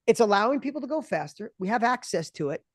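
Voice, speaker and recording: A man in his fifties, a guest entrepreneur in an interview, talking with passion and often restarting his words when excited. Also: sits high, dry recording, clean studio sound. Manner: passionate, acts out other people's voices in quick bursts. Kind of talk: energetic interview conversation.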